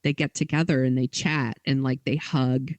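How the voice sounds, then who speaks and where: A woman's voice: rumbling low, steady tone, normal speed, a little mellow, no room sound. A woman co-hosting a podcast, telling a story in casual chat with lots of "like" and quoted dialogue. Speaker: podcast co-host.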